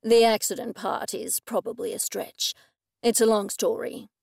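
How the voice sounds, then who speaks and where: Audiobook character: a woman reading a hurried male cop, offhand and quick, in a dry, slightly gravelly voice. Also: a little high, fairly even intonation, a little mellow, no echo. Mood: brisk. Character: distracted, apologetic adult male police officer.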